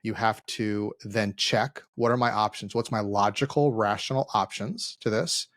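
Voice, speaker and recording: A man co-hosting a casual business podcast, telling stories and acting out quoted dialogue with lively energy. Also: lowish voice, normal speed, dry recording, studio quality. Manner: animated storyteller, acts out quoted dialogue. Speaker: podcast co-host, CEO.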